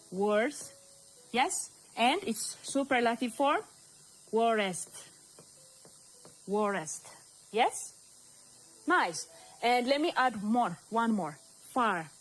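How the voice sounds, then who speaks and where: Slow, high-voiced woman teaching grammar. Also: poor audio. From Ethiopia. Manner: slow, repeats words, asks the class questions. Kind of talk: recorded grammar lesson.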